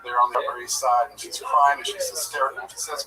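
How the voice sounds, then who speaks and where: A man's voice: mid-range voice, steady tone, fast talker, crowd noise. A man in his fifties from Georgia, telling a rambling joke story and chatting as a comedian guest, with many fillers. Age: 50s. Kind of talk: casual stand-up and chat. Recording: distant mic with loud music.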